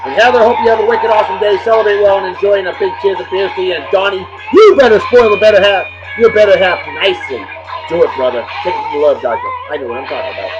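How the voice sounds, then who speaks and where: A high-pitched man gives boisterous, joking shout-outs to his viewers, jumping from loud bursts to mumbled asides. The recording is dull and lo-fi, with clear music playing underneath. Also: fast talker. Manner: boisterous and jokey, swinging between loud bursts and low asides. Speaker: host of a daily beer and music video show.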